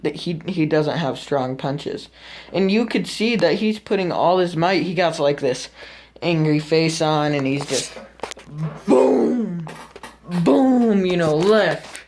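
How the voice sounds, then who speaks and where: A teenage boy vlogging, casually telling a story to the camera, animated and full of swearing as he acts out what happened. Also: a little high, unhurried. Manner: animated, profane, acts out the scene.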